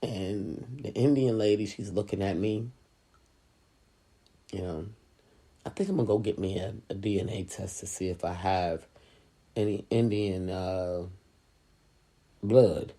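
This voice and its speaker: A middle-aged woman and sales professional, chatting casually and telling a story in an animated way, with lots of "you know.". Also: extremely low pitch, a little slow, long pauses, breathy edge. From Hispanic and Native American heritage, US. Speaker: school speaker, sales professional.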